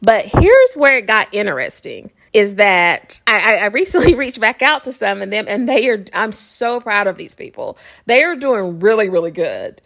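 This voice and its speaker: Woman, podcast host, casual spiritual self-help talk, rambling, laughs often, mid pitch. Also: sing-song, normal speed, few pauses, a bit bright. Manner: chatty, rambling, often asks listeners "okay?"; laughs often while talking.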